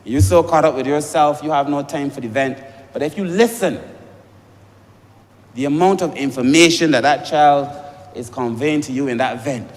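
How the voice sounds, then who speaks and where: A man's voice: on the high side, moderate pace. A man, a member of parliament giving an emphatic debate speech, addressing the chair as sir again and again. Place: parliament chamber. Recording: long reverb of a debating chamber.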